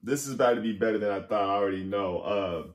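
Male reaction host, low-pitched, casual asides to the audience, roomy echo. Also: fast. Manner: relaxed, talks to viewers directly.

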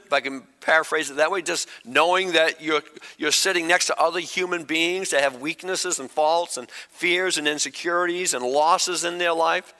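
A middle-aged pastor preaching a sermon, conversational, with quick humorous asides. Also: male voice, on the high side, steady tone, pushed and bright. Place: church sanctuary. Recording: long hall reverb.

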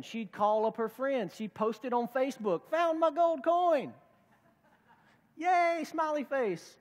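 A man's voice: high voice, in a large hall. A male pastor preaching a conversational sermon, acting out the voices of the people he quotes. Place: church sanctuary.

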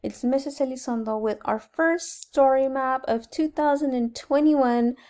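A kindergarten teacher, a woman, warmly reading a picture book aloud to her class in an upbeat, expressive way. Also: sits high, unhurried. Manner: upbeat, expressive, voices characters loudly.

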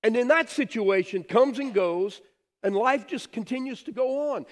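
A middle-aged man preaching a sermon as pastor, telling stories with animated emphasis that drops to soft, quiet phrases. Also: very high voice. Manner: animated storytelling, swings from loud emphasis to soft near-whispers. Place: church sanctuary. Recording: long hall reverb.

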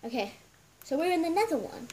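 A woman's voice: sits high, very animated, fairly quick, noisy background. A woman hosting a casual gaming video, giggling and chatting straight to her viewers as she plays. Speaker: gameplay video host.

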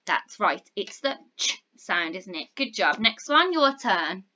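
A woman teaching phonics to young children, encouraging and clear, sounding out words slowly. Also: mid-range voice, sing-song, sharp tone, dull audio. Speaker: primary school teacher.

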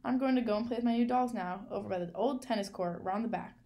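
A woman reading aloud and voicing a brave young girl who talks brightly and loudly to fool a listener. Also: mid-range voice, slight background noise, close to an everyday voice. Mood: loud breezy. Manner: bright, loud, deliberately chatty. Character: brave clever young girl, playacting cheerfully.

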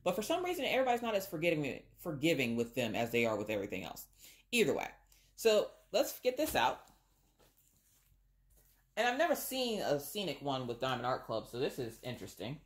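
Low-voiced woman, super expressive, chatting to viewers while she unboxes stuff. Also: fairly quick. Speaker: craft vlogger. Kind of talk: casual unboxing chat.

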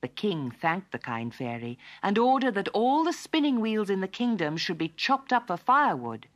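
A woman narrating a fairy tale for children in an expressive, lilting storytelling manner. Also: medium pitch, moderate pace.

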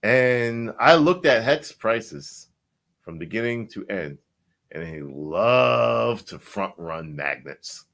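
A man with a lowish voice walks through price charts in a loose, swearing style. His pitch swings widely, rising loud and dropping low as he hammers the same point again and again. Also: slow, vocal fry. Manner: animated, repetitive, swears, sweeps between loud and low. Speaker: crypto chart analyst. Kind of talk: casual chart breakdown.

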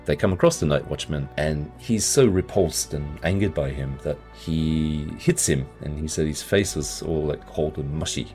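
A man's voice: extremely low pitch, normal speed, hardly any pauses, dark tone, faint music behind. A man hosting a casual book podcast, loosely recapping a plot with lots of hedging fillers. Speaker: podcast host.

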